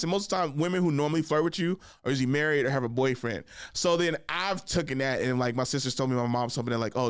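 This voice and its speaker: A young man hosting a podcast, telling funny stories in a casual chat, jumping into high voices to act out other people and laughing along. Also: no echo, studio quality. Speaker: podcast host. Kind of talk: casual storytelling monologue.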